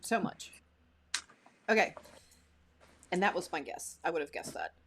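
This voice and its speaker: A woman's voice: lowish voice, animated, measured pace, a bit bright, slight background noise. A woman co-hosting a live stream in casual chat, giggling often and reading out viewer comments. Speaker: co-host.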